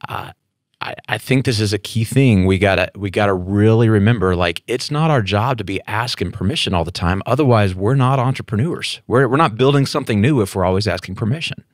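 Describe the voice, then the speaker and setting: He is a middle-aged man with a fairly low voice who hosts the interview in a thoughtful, earnest way, restarting phrases as he works out his point. The recording is close and dry. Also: a little fast, no room sound. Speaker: interview host. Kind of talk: conversational interview.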